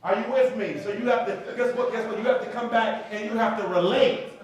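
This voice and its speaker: High-voiced pastor preaching in an echoey hall. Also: male voice, brisk, recorded from a distance. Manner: call-and-response preaching, asks congregation. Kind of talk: sermon. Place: church sanctuary.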